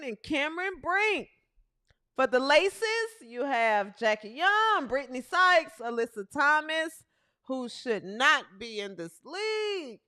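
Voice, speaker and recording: A woman hosting a casual livestream podcast, chatting with her live chat and reading out team rosters. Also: sits high. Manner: chatty, animated, talks to the live chat and fumbles with her setup. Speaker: podcast host. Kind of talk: casual livestream chat about women's basketball.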